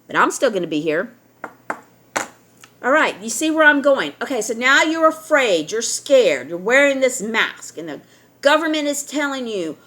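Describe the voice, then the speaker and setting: Blunt, bright-voiced lecturing woman. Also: a little high. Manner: blunt and lecturing, keeps asking "all right?". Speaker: vlogger. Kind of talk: opinionated talk to camera.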